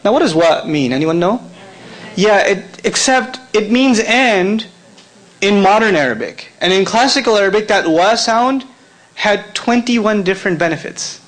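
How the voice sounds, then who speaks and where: A man's voice: high-pitched, animated, unhurried, fairly bright tone, poor audio. A man giving a conversational lecture to a live convention audience, joking and quizzing the listeners. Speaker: convention speaker.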